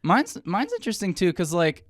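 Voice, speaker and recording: A young woman co-hosting a podcast in a loose, giggly way, her pitch rising and falling a lot as she talks. She swears now and then in an offhand way. The sound is close and dry. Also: normal speed, dry recording. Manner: relaxed, giggly, swears casually. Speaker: podcast co-host. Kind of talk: casual chat.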